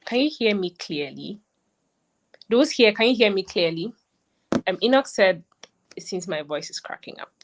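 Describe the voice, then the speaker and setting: A woman, a lead coach, hosting an online graduation ceremony on a livestream, chatty and excited, often repeating herself. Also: mid-range voice, moderate pace, long pauses. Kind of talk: live-streamed ceremony hosting.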